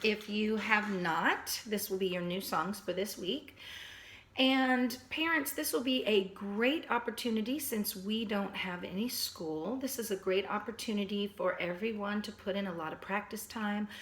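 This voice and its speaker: A woman teaching a recorded piano lesson to children and their parents, patient and instructive, slightly hoarse and often clearing her throat. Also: mid-range voice, normal speed, reverberant. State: losing her voice. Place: at a piano, indoors.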